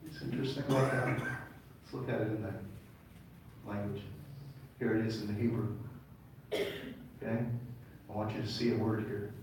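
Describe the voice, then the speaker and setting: A man's voice: fairly low pitch, fairly even intonation, normal speed, pauses often, darkish tone, slight background noise. Male rabbi, sermon, call-and-response; roomy distant hall sound. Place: large congregation hall. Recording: echoey hall, mic far off.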